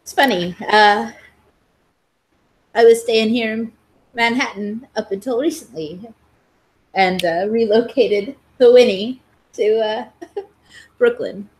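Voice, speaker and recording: A woman's voice: a little high, slow pace, pauses often, breathy edge, voice pushed up, rough recording. A woman playing a wry, easygoing woman who lives simply in a camper. She talks casually and loosely. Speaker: tabletop game player. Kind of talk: in-character tabletop role-play.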